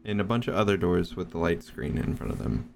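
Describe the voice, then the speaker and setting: A man narrating a tabletop game as its game master, describing the scene in a slow, measured way. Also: sits low, creaky, soft background music.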